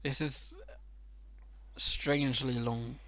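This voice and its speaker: A man co-hosting a casual film chat podcast, playful and deadpan. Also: medium pitch, takes it slowly. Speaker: podcast co-host. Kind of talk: casual chat about films.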